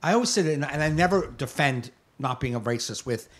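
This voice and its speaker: A man's voice: medium pitch, lively intonation, fast talker, fairly bright tone. A man co-hosting a podcast in casual chat, ranting bluntly and with plenty of swearing, and often tossing in short agreeing replies. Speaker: podcast co-host.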